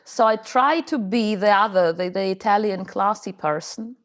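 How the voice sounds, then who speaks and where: A woman chatting as a podcast guest, deadpan and darkly joking. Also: medium pitch, normal speed. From Russia. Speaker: guest comedian. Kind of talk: casual podcast chat.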